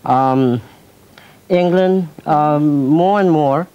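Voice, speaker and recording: A man from France, a jazz pianist guest in a casual TV interview, joking playfully and pausing on fillers. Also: a little high, smooth. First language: French. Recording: dull lo-fi 1990s TV recording.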